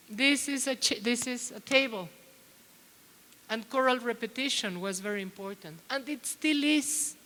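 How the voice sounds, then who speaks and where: With a fairly high, bright and forceful voice, a middle-aged woman gives a plenary talk to teachers, chatting and quizzing the audience along the way. The recording carries a long hall reverb.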